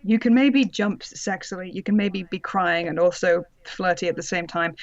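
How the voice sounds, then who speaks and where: A woman's voice: lowish voice, steady tone, moderate pace, dry recording. Female co-host narrating, wry and sardonic; audio slightly muffled. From Britain. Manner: sardonic asides, laughing while reading. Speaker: podcast co-host and narrator of the reading. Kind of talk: comedic dramatic reading with commentary.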